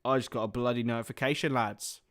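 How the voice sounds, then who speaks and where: Here a young man hosts a live football watchalong, giving play-by-play mixed with rambling chit-chat and growing excited at every chance. He talks fast, at a medium pitch.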